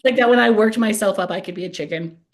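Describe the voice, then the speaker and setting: A young adult woman hosting a podcast, telling a personal story in a casual, animated way, laughing at herself often. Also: medium pitch, fast.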